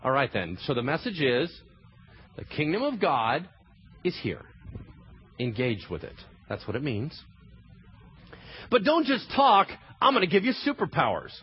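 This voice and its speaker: Animated male pastor preaching. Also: mid-range voice, unhurried, long pauses. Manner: animated, acts out scenes in funny voices. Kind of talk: sermon. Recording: slightly dull sound with faint ambient noise.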